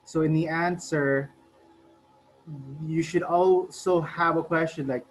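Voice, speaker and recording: Man in a class asking a question, slow and halting, faint background noise. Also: fairly high pitch, fairly even intonation, low-quality recording. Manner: hesitant, searching for words. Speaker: student.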